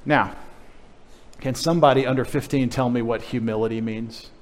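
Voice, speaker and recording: A man's voice: medium pitch, fairly even intonation, moderate pace, a little hiss or hum. Playful middle-aged man preaching. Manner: playful, teasing, addressing children in the congregation. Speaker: pastor. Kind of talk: sermon.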